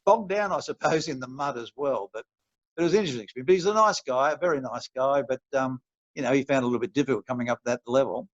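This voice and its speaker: An older Australian man, a retired referee, rambling through stories in a relaxed interview with chuckles and restarts. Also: medium pitch, quick pace, dry recording. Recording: dull, dry lo-fi recording.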